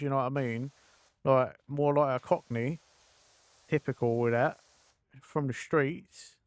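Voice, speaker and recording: A man's voice: mid-range voice, normal speed, dry recording. A man streaming a game, chatting casually and rambling with lots of fillers, slipping now and then into mock accents. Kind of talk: casual chat while gaming.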